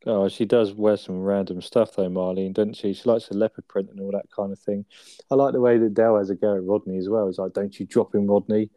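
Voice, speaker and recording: A man's voice: fairly low pitch, fairly even intonation, brisk, mellow, dry recording. A man chatting casually on a podcast, laughing as he retells sitcom scenes and tagging on questions. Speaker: podcast co-host. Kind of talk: casual chat reviewing a sitcom episode.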